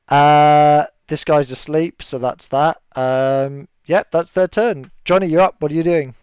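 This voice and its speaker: A man's voice: on the high side, fairly even intonation, slow, a little mellow, smooth, dry recording. A man running a tabletop game as game master, chatty and laughing often, with lots of fillers. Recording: dull lo-fi audio.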